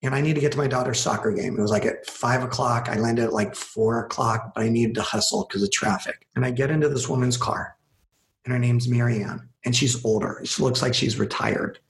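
A man with a gravelly, creaky voice tells a story as a podcast guest, animated and conversational. He acts out the lines people said to him. The sound bounces around an echoey room. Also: mid-range voice, fairly quick, a little hiss or hum. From Los Angeles.

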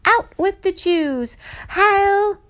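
Woman doing a put-on English accent, fanatical young upper-class lady, high strident voice, slow declaiming delivery. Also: lively intonation, fairly bright tone, full character voice. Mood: zealous.

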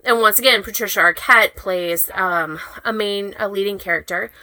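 A woman's voice: medium pitch, normal speed, bright, forceful tone, no echo, poor audio. A woman co-hosting a casual chat podcast, rambling, swearing casually and tripping over words. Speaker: podcast co-host.

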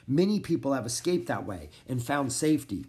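Man doing a gentle farm woman. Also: mid-range voice, big pitch swings, fairly quick. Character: kind French farm woman, calm and caring.

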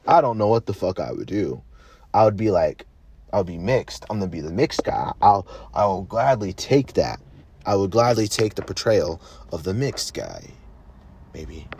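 A man's voice: fairly low pitch, a little mellow, a little hiss or hum. A man hosting a podcast, rambling in a loose, profane, casual way. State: high. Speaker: podcast host.

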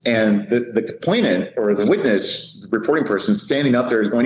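Middle-aged police sergeant, animated storyteller in a roomy space with faint background hiss. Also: male voice, fairly low pitch, fairly quick. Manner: lively, laughing anecdote teller. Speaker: police sergeant, podcast guest.

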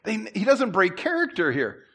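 A man preaching a sermon in church, conversational with asides and restarts, who climbs louder and higher to drive his points home. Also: huge pitch swings, normal speed, husky. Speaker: pastor.

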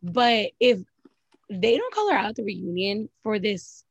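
A woman co-hosts a casual, blunt recap of reality TV and swears freely. Her voice is husky at a middle pitch, and she fills her talk with "like". The sound is dry and close, with no room echo. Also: big pitch swings, unhurried, muffled recording. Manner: blunt, profane, keeps saying "literally" and "like". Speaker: podcast co-host.

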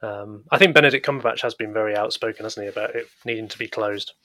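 A man's voice: fairly low pitch, fast, bright, forceful tone, dry recording, studio quality. A man hosting a casual film podcast, speaking earnestly and reflectively with frequent restarts. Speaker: podcast host. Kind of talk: casual film review chat.

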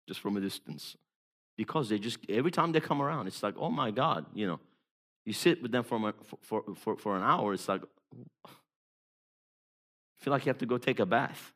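A man preaching a sermon as an evangelist, emphatic, moving between hushed storytelling and loud exhortation. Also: medium pitch.

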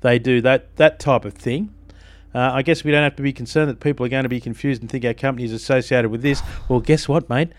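An Australian man hosting breakfast radio, telling stories in a jokey, animated way with frequent laughs. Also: mid-range voice, fast, no room sound. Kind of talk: casual radio chat and storytelling.

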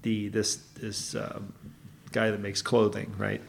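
Gravelly man rambling on a podcast. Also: fairly low pitch, completely flat delivery, slow pace. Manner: rambling, self-correcting storyteller. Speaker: podcast co-host. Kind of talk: casual chat.

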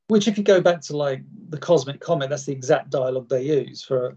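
A man's voice: mid-range voice, a little fast, mellow, husky. A man casually chatting and reading an old script aloud, stumbling over words and laughing at his own slips. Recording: dull lo-fi sound.

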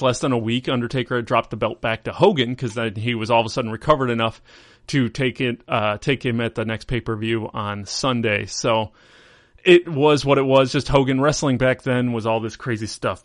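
A man's voice: medium pitch, a bit bright, dry recording. Rambling man on a dry podcast mic. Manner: rambling, filler-heavy storytelling. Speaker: podcast host. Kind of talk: casual chat.

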